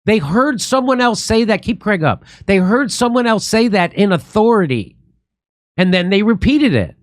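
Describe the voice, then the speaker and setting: A man's voice: sits high, big pitch swings, normal speed, no room sound, clean studio sound. A man hosting a political commentary talk show, ranting animatedly and mimicking friends in mocking voices. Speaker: comedian host.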